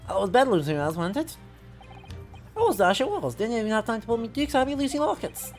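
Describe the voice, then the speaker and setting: A woman voicing a rough male petty thief with a put-on Cockney accent, loud and full of slang. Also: a little high, very animated, a little fast, soft background music, pitched above the performer's own voice. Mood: cheeky.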